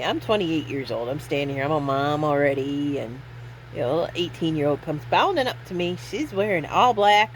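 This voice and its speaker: A woman's voice: lowish voice, slight background noise, rough recording. A woman in her fifties telling rambling personal stories in a casual vlog, self-deprecating and laughing often. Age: 50s. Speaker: vlogger.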